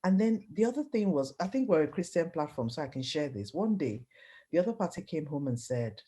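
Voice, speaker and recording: A woman's voice: low voice, brisk. A middle-aged woman sharing her personal story as an interview guest, telling it vividly and acting out the voices of people she quotes. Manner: expressive storytelling, acts out quoted voices, laughs often. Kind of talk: personal testimony in conversation.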